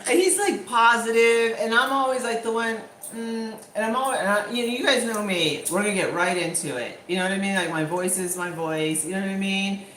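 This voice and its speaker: A woman's voice: mid-range voice, a little fast, hardly any pauses, a bit bright, slight background noise. A woman vlogger chatting casually, her speech loose and full of fillers. Her voice sits in a middle register. The room is echoey, with faint ambience behind her. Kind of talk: casual chat.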